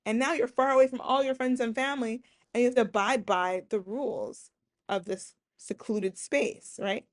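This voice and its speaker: Animated woman hosting a sociology podcast. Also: fairly high pitch, normal speed. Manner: animated, acts out quoted voices, keeps asking "right?". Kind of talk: casual lecture podcast.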